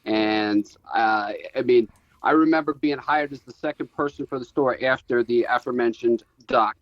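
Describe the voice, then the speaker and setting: A man's voice: mid-range voice, normal speed, no echo, dull audio. A man in his fifties from Connecticut, a guest reminiscing with enthusiasm. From Connecticut, USA. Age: 50s. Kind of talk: casual chat.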